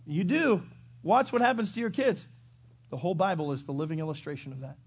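A middle-aged male pastor with a fairly high voice delivers a lively sermon. He acts out little scenes and jumps into sudden loud shouts. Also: brisk, breathy edge.

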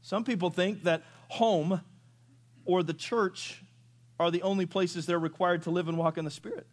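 A man preaching a sermon, moving from loud rising questions to low quiet asides. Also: fairly even intonation, normal speed. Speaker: pastor. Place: church sanctuary.

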